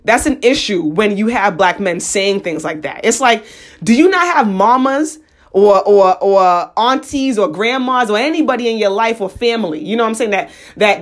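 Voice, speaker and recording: A young woman telling a personal story in a casual, slangy monologue, animated and acting out what people said. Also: fairly high pitch. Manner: animated, slangy, acts out quotes.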